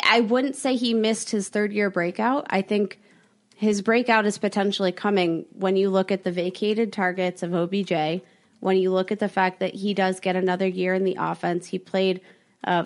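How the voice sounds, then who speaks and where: A woman's voice: medium pitch, steady tone. Playful, joking woman podcast co-host. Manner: playful, joking, quick with analysis. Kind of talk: casual podcast chat.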